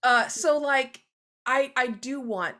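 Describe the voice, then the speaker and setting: A woman guest author talking animatedly in an interview, often acting out quoted voices with sudden high jumps. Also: slow, fairly bright tone. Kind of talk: conversational interview.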